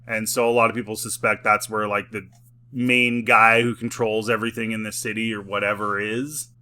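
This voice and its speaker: Bright-voiced man rambling a casual review. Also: fairly low pitch, little pitch movement, normal speed. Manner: rambling, full of "like" fillers, chuckles often; mocking, sarcastic. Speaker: film and TV reviewer.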